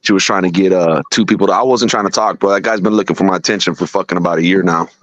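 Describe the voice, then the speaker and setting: A man's voice: low-pitched, very fast, no room sound, poor audio. A man talking bluntly and profanely as a guest on a live stream show. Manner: blunt, profane street talk. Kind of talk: casual chat.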